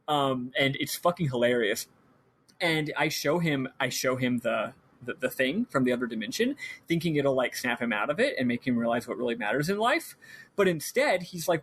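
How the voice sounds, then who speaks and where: A man's voice: mid-range voice, expressive, a little fast, a bit bright, slight background noise. A man hosting a podcast, animatedly retelling a video game in casual chat, swearing freely and acting out the characters. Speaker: podcast host.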